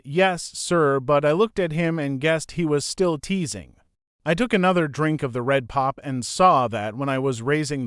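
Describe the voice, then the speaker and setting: A man reading a novel aloud as audiobook narrator, in a plain, steady first-person storytelling manner. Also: a little high, clear, resonant tone, dry recording, clean studio sound.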